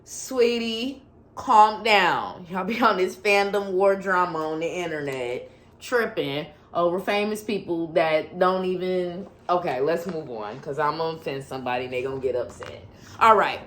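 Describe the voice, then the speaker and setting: A woman's voice: fairly low pitch, normal speed, fairly bright tone. A woman talking casually to her viewers in an unboxing vlog, sassy and teasing, often laughing and calling them sweetie. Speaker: YouTuber.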